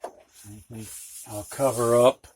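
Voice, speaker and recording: A man's voice: medium pitch, fairly even intonation, slow pace, a little mellow, slight background noise. An older man teaching a reading lesson, patiently sounding out words and explaining them with everyday examples. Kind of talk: phonics lesson for students and teachers.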